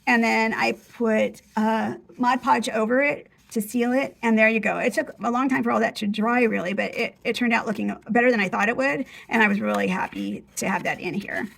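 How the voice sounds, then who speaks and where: A woman's voice: fairly high pitch, brisk, gravelly, hardly any pauses, a bit bright. A middle-aged woman chatting casually and gushing as she flips through her handmade craft journal. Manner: chatty, gushing, restarts mid-phrase.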